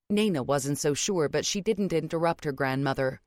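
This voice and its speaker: A woman with a low-pitched voice narrates an audiobook in a measured, even storytelling style. The scripted narration is recorded dry, at studio quality.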